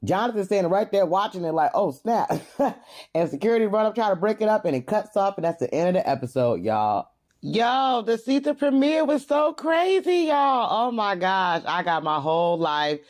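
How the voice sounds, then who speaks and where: Woman, reality TV recap vlog, slangy, animated, laughs often. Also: mid-range voice, normal speed. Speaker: reality TV reviewer.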